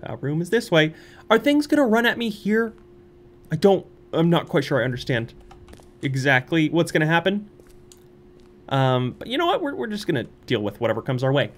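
Speaking brisk and very animated in a fairly high pitch, this let's play streamer nervously mutters through a horror game, bursting into squeals and laughs. His channel audio comes from a studio microphone.

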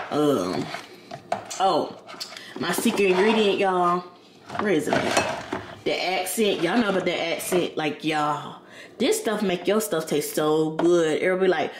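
A woman vlogging casually from her home kitchen, rambling and slangy as she talks to her viewers. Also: fairly low pitch. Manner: chatty, rambling, slangy, addresses viewers as y'all and girl. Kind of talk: casual chat to camera. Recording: echoey room with background noise.

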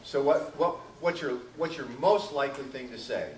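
A man's voice: medium pitch, normal speed, slight background noise. A man teaching a class, asking students questions by name and acting out quoted lines. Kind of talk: classroom lecture. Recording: echoey classroom from far off.

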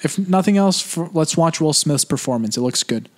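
A man's voice: fairly high pitch, expressive. Chatty man giving movie verdicts. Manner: chatty, quick agreeing interjections, gives verdicts. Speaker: podcast co-host. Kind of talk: casual movie chat.

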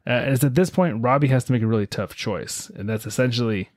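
A man hosting a podcast, telling a story in a relaxed, chatty way with lots of fillers. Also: medium pitch, fast, dry recording, studio quality. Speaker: podcast host. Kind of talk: casual storytelling chat.

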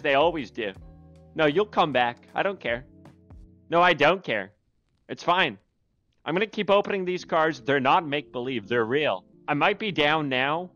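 A man's voice: fairly high pitch, fairly bright tone, dull audio, voice pushed up. A desperate husband hooked on card packs pleads and bluffs on the phone, as a man with a Canadian accent acts him out. He is melodramatic and stubborn, refusing to give up the habit.

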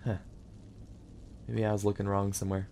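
A man's voice: on the low side, flat delivery, normal speed, creaky. A man commenting casually on a game as he plays, joking and talking to the character on screen. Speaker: gaming channel host. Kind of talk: casual let's-play commentary. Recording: game music playing behind.

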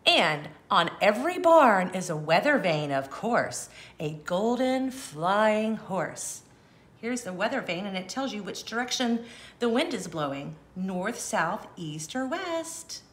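A woman reads a farm picture book aloud for small children. Her voice swoops widely in pitch while she keeps an unhurried pace. She stops often to invite the listener to find things and count them. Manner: gentle, animated, asks the listener to count along. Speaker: children's storyteller. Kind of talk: read-aloud for kids.

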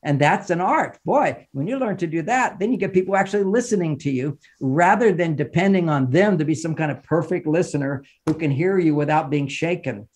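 A man with a fairly high voice talks as a relationship counselor and author on a podcast. He lectures with emphasis and pushes his pitch and volume up to drive a point home. He often repeats phrases in lists. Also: a little fast, hardly any pauses. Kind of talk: animated advice talk in an interview.

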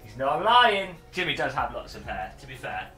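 A man's voice: medium pitch, very animated, normal speed, sharp tone, soft background music. A man on a casual livestream, joking, swearing and mocking himself while setting up gear. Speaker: streamer.

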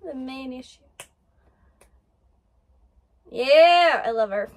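High-voiced gushing woman reacting. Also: unhurried. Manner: gushing, excitable, swears freely. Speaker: anime reaction host. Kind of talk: live reaction commentary.

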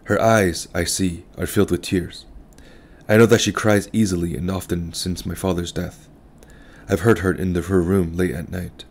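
A man narrating a literary story in the first person, calm and reflective. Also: deep voice, moderate pace. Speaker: audiobook narrator.

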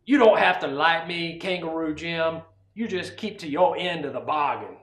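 A man playing a high, bossy outlaw boss. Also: moderate pace, a bit bright, roomy sound. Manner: bossy, commanding.

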